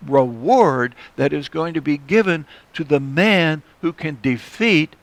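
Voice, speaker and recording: A man's voice: a little high, expressive, measured pace, gravelly, dry recording. A man teaching a Bible study, reading verses and explaining them in plain, conversational words.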